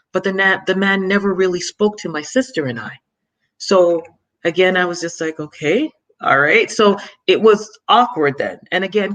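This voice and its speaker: Halting, reflective woman from Jamaica. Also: lowish voice, a bit bright. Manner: halting and reflective, with frequent restarts and repeated words. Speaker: guest. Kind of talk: personal storytelling in an interview.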